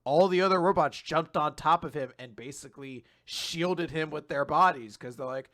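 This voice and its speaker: A man talks through comic chapters with a co-host, his voice a touch high and very bright. He laughs often and breaks into mocking quoted lines, dropping casual swears along the way. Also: normal speed, few pauses. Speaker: podcast co-host. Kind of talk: casual chat.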